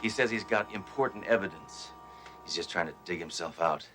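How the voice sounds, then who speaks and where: A cocky deep-voiced macho cop. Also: male voice, fairly quick, fairly bright tone, soft background music, poor audio. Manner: cocky, blunt, hollers. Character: brash trigger-happy macho male cop. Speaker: police detective. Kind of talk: 1980s sitcom acting.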